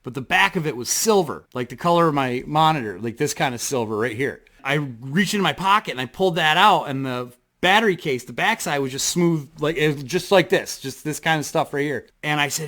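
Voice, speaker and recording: A man with a bright, forceful voice sitting pitched a touch high for a guy. He rambles through his story with plenty of fillers and casual swearing, excited and loose, talking to camera from his desk at home. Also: fairly quick, few pauses. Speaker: vlogger. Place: home desk in front of a computer.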